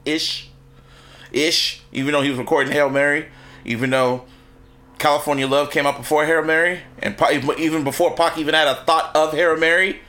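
A young man co-hosting a casual podcast chat, profane and quick to laugh. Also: fairly high pitch. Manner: laughs often, animated and profane. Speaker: podcast co-host.

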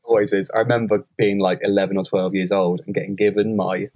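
A man's voice: fairly low pitch, level tone, quick pace, lo-fi sound, loud music behind the voice. A man, a guest musician, talking hesitantly with lots of fillers in a casual chat.

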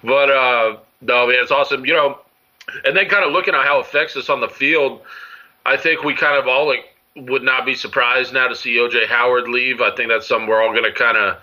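A man's voice: mid-range voice, steady tone, brisk, pushed and bright. A man co-hosting a casual sports podcast, rambling through his points with lots of fillers. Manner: rambling, full of fillers and restarts. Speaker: podcast co-host. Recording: dull lo-fi audio.

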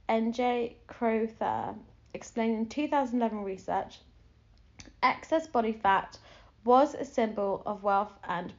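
A woman's voice: a little high, lo-fi sound. A young woman hosting her podcast in a casual, rambling monologue full of fillers. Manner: chatty, rambling with many fillers. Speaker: podcast host.

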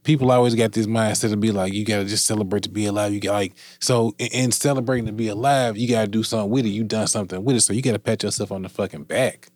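A man in casual podcast chat, animated and profane, repeating himself. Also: lowish voice, rapid-fire, hardly any pauses, dry recording.

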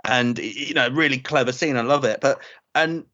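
A man hosting a podcast in casual chat, excitable, laughing a lot and acting out quotes. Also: mid-range voice, moderate pace, no echo. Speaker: podcast host. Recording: dull lo-fi dry sound.

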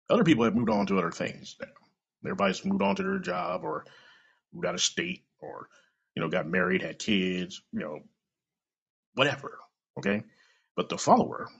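A man's voice: fairly high pitch, gravelly, slightly rough. A man hosting a podcast, delivering a blunt, profane, heated opinion rant. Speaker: podcast host. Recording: dull lo-fi recording.

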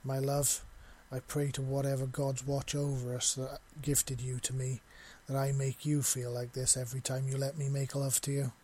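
A man voicing a devoted, affectionate young human man, talking softly in a husky voice. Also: medium pitch, monotone, normal speed, few pauses, close to an everyday voice. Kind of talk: audio story reading.

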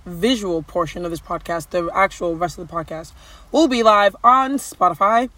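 A woman with a fairly low, sharp-toned voice co-hosts a casual couple's podcast at a moderate pace, heard in a dry recording. Chatty and rambling, she says "like" constantly, playfully teases her partner and keeps drifting back to her point.

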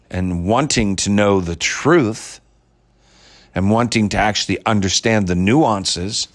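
Low-ish voiced guy ranting solo, sarcastic and blunt, swears a lot. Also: fairly bright tone. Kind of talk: ranting monologue.

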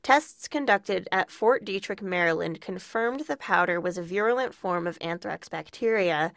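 A woman's voice: mid-range voice, moderate pace, creaky, a bit bright, no room sound, studio quality. Woman narrating a true crime podcast. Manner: reads prepared narration, casual asides. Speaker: podcast co-host.

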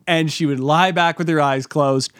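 A man spins a comedic story in a rambling, animated way and jumps into acted-out quotes. His voice sits a bit high. The recording is close and dry. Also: normal speed, clear, resonant tone, no echo.

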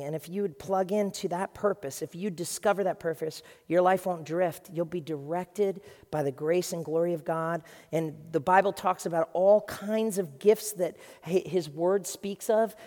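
A male pastor preaching to his congregation in a lively, conversational way, with quick asides to the room. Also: sits high. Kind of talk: sermon. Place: large church hall with a congregation. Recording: long reverb of a large hall.

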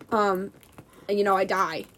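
A young woman co-hosting a casual podcast, giggly and animated, recorded on a phone voice memo. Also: medium pitch, slow. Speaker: podcast co-host. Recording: phone voice memo with background noise.

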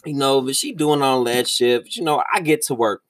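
A young man telling a story in a casual, profane ranting monologue, with his voice jumping high when he gets exasperated. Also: brisk, fairly bright tone. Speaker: vlogger.

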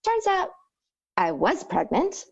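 A woman's voice: high voice, takes it slowly, vocal fry, highs cut off. A woman in her thirties from Texas, chatting casually and acting out quotes as she tells a story. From Texas, Rio Grande Valley. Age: 30s. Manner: animated storyteller, acts out quotes. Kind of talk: casual chat.

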